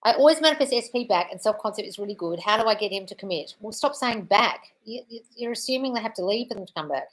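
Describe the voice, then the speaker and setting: Answering chat questions bluntly in a live Q&A, a female manifestation coach swears freely and calls people darling. She speaks fast in an animated, mid-range voice with hardly any pauses.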